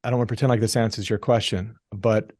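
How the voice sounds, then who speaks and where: A middle-aged man telling a story as a podcast guest, animated and acting out the people he quotes. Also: fairly low pitch, fast, no echo, clean studio sound. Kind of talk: casual storytelling interview.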